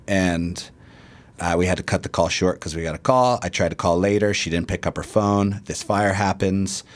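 A man's voice: low voice, moderate pace. A man, a firefighter, casually recounting a personal memory with fillers. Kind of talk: personal recollection.

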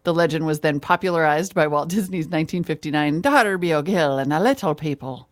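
A woman's voice: sits low, a little fast. A woman co-hosting a podcast in casual, playful chat. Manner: playful, giggly. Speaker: co-host.

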